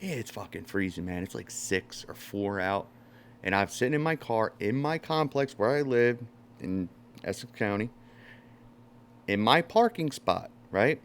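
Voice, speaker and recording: A man tells a long story in a loose, casual chat. He swears freely and jumps up loudly when he acts out what people said to him. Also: fairly low pitch, lively intonation, unhurried, smooth. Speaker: podcast host.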